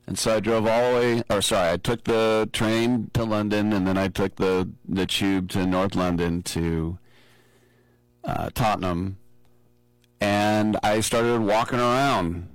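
A man casually telling a lively personal story on a podcast, acting out the quotes. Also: lowish voice, measured pace, clear, resonant tone, no echo, poor audio. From from abroad, flew in to see matches. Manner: animated anecdote-telling with acted-out quotes.

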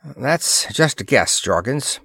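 An actor playing a brisk, commanding spaceship commander in a read-aloud pulp story, giving clipped orders. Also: male voice, mid-range voice, lively intonation, vocal fry, sharp tone, slightly rough, no echo, clean studio sound, voice pushed up, heavily acted. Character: brisk middle-aged male spaceship commander.

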